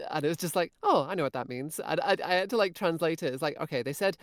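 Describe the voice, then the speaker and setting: A woman's voice: sits low, quick pace, dry recording, clean studio sound. A woman guest in a casual podcast chat, talking with lots of fillers and restarts and laughing easily.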